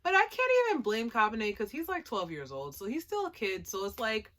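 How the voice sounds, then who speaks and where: A woman casually recapping an anime episode, chatty and animated, with lots of "like" and laughing asides. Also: fairly high pitch, brisk. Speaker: anime reviewer.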